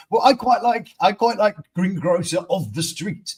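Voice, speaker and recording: A man's voice: high-pitched, a little mellow, husky. Rambling man hosting a quirky news stream. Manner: rambling, many fillers and restarts, chuckling. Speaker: host. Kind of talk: casual live-stream chat.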